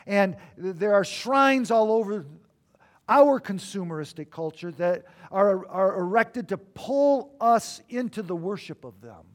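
A pastor delivers a sermon with emphasis, his high-set voice lurching from loud proclamations into quiet asides.

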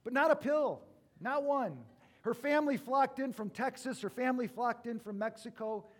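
A male pastor preaching a sermon, telling stories with big swings from loud to hushed. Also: very high-pitched, normal speed.

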